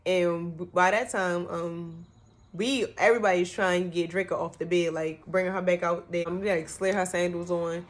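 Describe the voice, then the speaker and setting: A young woman telling a storytime vlog in a casual, animated way, cussing a lot and acting out what people said. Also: fairly low pitch, moderate pace. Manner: animated, profane, acts out quotes.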